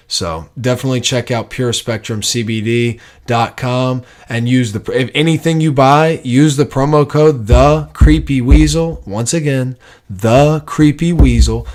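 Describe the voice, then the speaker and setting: Rambling young man hosting a podcast. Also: fairly low pitch. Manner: rambling, joking, self-mocking. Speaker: podcast host. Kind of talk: casual podcast talk and ad reads.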